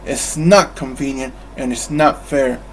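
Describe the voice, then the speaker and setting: Storybook role: a man reading a mean old miser, gruff and snapping, loud and slow. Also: a little high, steady tone, a little hiss or hum, poor audio. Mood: grumpy snapping.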